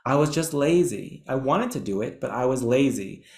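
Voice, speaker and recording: A man's voice: medium pitch, animated, moderate pace, darkish tone, roomy sound, natural voice. A man imitating a sullen, fed-up teenage boy student who insists he is just lazy. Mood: sulky.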